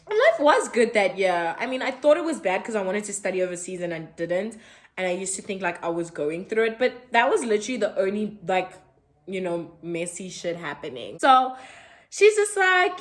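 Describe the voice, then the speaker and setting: A woman's voice: high voice, moderate pace. Chatty South African woman in her twenties. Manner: chatty, animated, acts out dialogue in a sassy voice. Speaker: vlogger. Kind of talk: storytime vlog.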